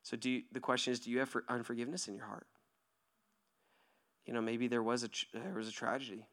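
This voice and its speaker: A pastor in his thirties giving a sermon to his church, lively and joking at first, then soft and hushed as he leads a quiet prayer. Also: mid-range voice, quick pace. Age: 30s. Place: church hall.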